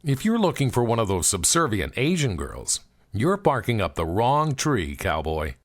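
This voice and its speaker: A man's voice: on the low side, huge pitch swings, normal speed. A man voicing a spirited, independent young woman, putting on an American country accent in a teasing, defiant way. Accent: put-on American country accent.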